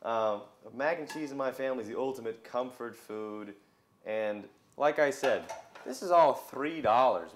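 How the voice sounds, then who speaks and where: A man's voice: mid-range voice, slight background noise. A young man hosting a casual cooking video in a home kitchen, chatting viewers through each step.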